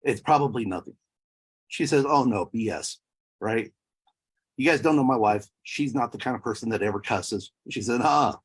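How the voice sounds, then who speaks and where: Telling his personal story with deep emotion, this man in his thirties or forties occasionally has his voice crack. His voice is medium-pitched and slightly rough, and he speaks at a moderate pace.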